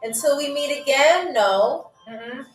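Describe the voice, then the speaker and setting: A woman with a fairly high, upbeat voice hosts a live game show stream, chatting and laughing as she reads out viewers' messages. She stretches out foreign words so everyone can follow. Her voice sounds a bit distant and echoey, with faint music playing underneath. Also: expressive, takes it slowly. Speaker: livestream game show host. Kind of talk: casual livestream hosting, reading out chat. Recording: echoey room, voice set back from the mic, faint music.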